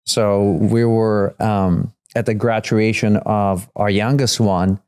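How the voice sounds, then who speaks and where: A man's voice: on the low side, steady tone, slow, a little mellow, smooth. A man in his fifties, a guest on a parenting podcast, telling a family story in a loose, rambling way with many fillers and restarts. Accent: Russian. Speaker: guest, father of three. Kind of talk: casual storytelling in a podcast conversation.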